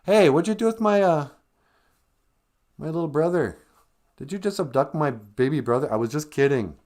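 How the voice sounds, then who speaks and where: A man voicing a bratty, indignant teenage girl babysitter with a whiny, rushed complaint. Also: fairly high pitch, lively intonation, darkish tone, pitched above the performer's own voice, lightly acted. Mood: alarmed.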